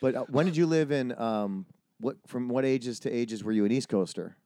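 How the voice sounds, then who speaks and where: A man's voice: medium pitch, no echo. A man from the Midwest who used to work in radio, hosting a casual chat with dry teasing. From Midwest, Illinois and Wisconsin suburbs. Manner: quick, radio-trained even delivery, dry teasing. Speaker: podcast host.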